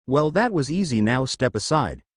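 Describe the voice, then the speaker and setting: A man voicing an unimpressed young male hero student with a deadpan, sarcastic manner. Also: medium pitch, normal speed, husky, no room sound, clean studio sound.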